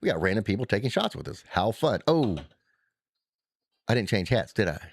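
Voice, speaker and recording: A man telling a rambling, animated, profane trip story in casual chat. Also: fairly low pitch, moderate pace, gravelly.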